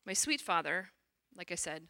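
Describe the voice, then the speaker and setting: Bright-voiced religious sister telling her story. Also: fairly low pitch, normal speed, vocal fry. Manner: animated storyteller, acts out quotes. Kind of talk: personal testimony talk.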